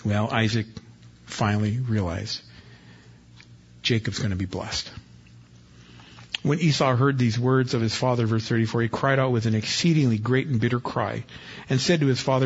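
Husky folksy pastor preaching. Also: male voice, medium pitch, normal speed, long pauses. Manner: folksy country-preacher style, reads scripture then explains it. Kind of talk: expository sermon. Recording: dull lo-fi recording.

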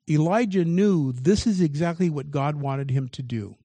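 A man's voice: on the high side, moderate pace, warm tone, dry recording. A man preaching a sermon as pastor, reading scripture aloud and commenting on it with shifting emphasis.

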